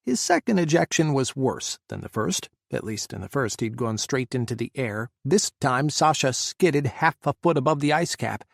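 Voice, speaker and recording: A man reading an audiobook aloud in a steady, measured narration. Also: mid-range voice, vocal fry, dry recording, studio quality. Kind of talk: scripted narration.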